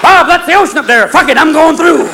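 A male comedian voicing a cheerful, inbred hick factory owner with excited, twangy yelling. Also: very high-pitched, fast, noisy background, voice pushed up. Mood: hyped. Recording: live club with loud crowd laughter.

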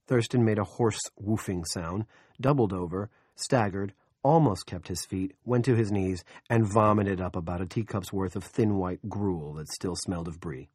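Low-voiced man narrating an audiobook. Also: moderate pace, a little mellow, breathy edge, no room sound, clean studio sound. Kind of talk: scripted narration.

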